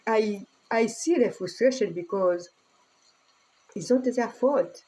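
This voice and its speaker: Middle-aged woman from Tanzania, earnest casual vlog to phone, mellow husky tone. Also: a little high, slow, rough recording. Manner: earnest, speaking broken English with laughter. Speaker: vlogger.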